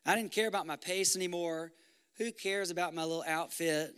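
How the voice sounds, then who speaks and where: Male pastor, young adult, preaching with fervor; high, bright voice. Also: a little fast, clear, resonant tone. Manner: impassioned, rising to loud exhortation. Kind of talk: sermon.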